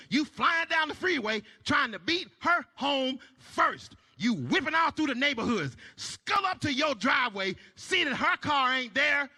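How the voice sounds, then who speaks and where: A man performing a stand-up comedy set, shouting his punchlines and dropping to low mumbled asides. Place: church stage before a live audience. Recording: long hall reverb.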